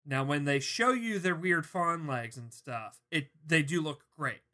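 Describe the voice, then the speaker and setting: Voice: medium pitch, unhurried, sharp tone. A podcast co-host talking in a laid-back, chatty and wry way. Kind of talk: casual chat.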